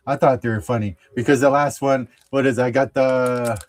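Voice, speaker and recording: A man's voice: medium pitch, steady tone, a little hiss or hum. A middle-aged man hosting a sports card show, chatting casually while opening packs, chuckling often and trailing off into fillers. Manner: chuckles often, easily amused; halting, lots of fillers and restarts. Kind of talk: casual pack-opening chat.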